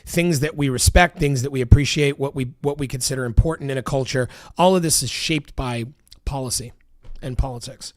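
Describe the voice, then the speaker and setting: A man's voice: medium pitch, a little fast, dry recording, clean studio sound. A man delivering a heated, profanity-laced political rant, emphatic and repetitive. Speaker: political commentator.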